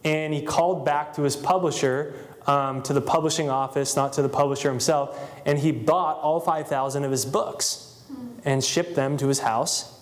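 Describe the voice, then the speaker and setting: Man telling a story to an audience, higher-pitched. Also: steady tone, normal speed. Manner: loose storytelling with many fillers. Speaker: motivational speaker. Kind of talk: storytelling talk to a live audience.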